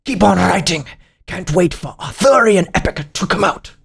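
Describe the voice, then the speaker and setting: A man voicing a pompous old British pipe-smoking gentleman in a raspy, theatrical reading. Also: high voice, expressive, pitched above the performer's own voice, exaggerated voice. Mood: grandiose. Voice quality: raspy, gravelly put-on voice. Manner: grandiose, theatrical, drawn-out reading. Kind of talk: mock reading of comments aloud.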